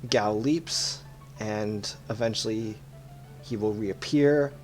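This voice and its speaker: A man's voice: on the low side, takes it slowly, faint music behind. A man hosting a let's play, giving casual, explanatory game commentary and often correcting himself mid-sentence.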